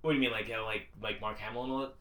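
A man's voice: on the low side, fairly even intonation, racing, sharp tone. A man co-hosting a podcast in laid-back casual chat, laughing a lot and talking in loose restarts. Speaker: podcast co-host. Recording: roomy echo.

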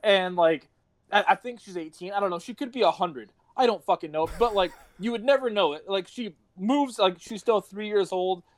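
High-voiced rambling young man. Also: moderate pace, no room sound. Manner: rambling, swearing, laughing storyteller. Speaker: podcast host. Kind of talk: casual podcast chat.

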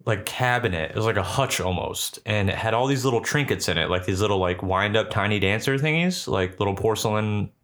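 A man's voice: on the low side, expressive, fairly quick, hardly any pauses, fairly bright tone. A young man casually telling a ghost story, rambling and swearing with lots of filler words.

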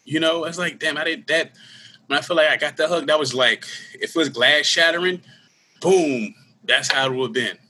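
A man's voice: fairly high pitch, normal speed, bright, forceful tone, slight background noise. A man talking candidly and earnestly about his own life in a casual conversation, full of slang. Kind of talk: casual conversation, personal storytelling.

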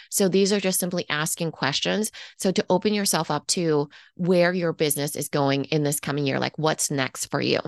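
Woman, podcast business coach, casual chatty delivery, lowish voice. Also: no room sound, clean studio sound. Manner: casual and conversational, lots of "like" and "okay". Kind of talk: guiding listeners through reflection prompts.

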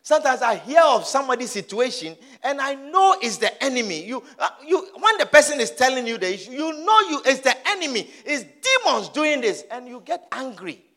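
Man preaching, very high voice, lively swooping pitch, emphatic repeated calls, bright tone. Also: fairly quick, hardly any pauses. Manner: emphatic, repetitive exhortation. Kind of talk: sermon.

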